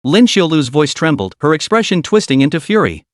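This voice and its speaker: A man's voice: on the high side, big pitch swings, brisk, dry recording, clean studio sound. Dramatic male storytelling narrator. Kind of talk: storybook recap reading.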